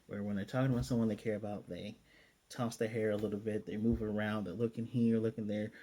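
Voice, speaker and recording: A man giving a casual, chatty recap of an anime episode, loose and animated, with fillers and self-corrections. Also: fairly low pitch, fast talker. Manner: animated retelling, often paraphrasing the characters' lines. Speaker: anime reviewer.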